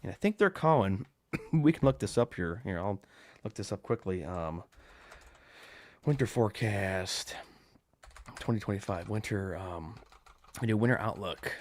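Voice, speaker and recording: A man's voice: lowish voice, animated, a little slow, pauses often, darkish tone. A man hosting a live podcast in casual chat, rambling off the cuff with lots of fillers and restarts. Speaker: podcast host. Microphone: desk microphone with a cover.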